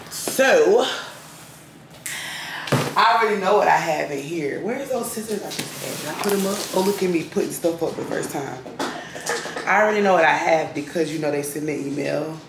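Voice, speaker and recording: A young woman, chatting casually to her viewers in a rambling vlog at home. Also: low voice. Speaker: vlogger. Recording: echoey room with clear background noise.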